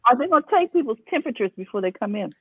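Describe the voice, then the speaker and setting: A man's voice: extremely high pitch, very animated, rapid-fire, husky, no room sound. A man co-hosting a casual chat, chiming in often with short agreements. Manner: chimes in with frequent backchannels. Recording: tinny phone line.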